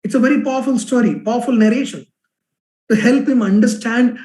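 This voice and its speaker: A man, a business storytelling trainer giving an online workshop talk, animated and repeating words for emphasis. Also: extremely high pitch, fairly quick. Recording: echoey room.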